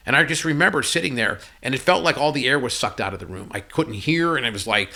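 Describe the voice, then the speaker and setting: Male podcast guest, fast and bright, animated raconteur who voices everyone in his stories. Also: medium pitch, creaky. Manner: animated storyteller who acts out dialogue. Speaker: podcast guest, company CEO. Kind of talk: conversational storytelling interview.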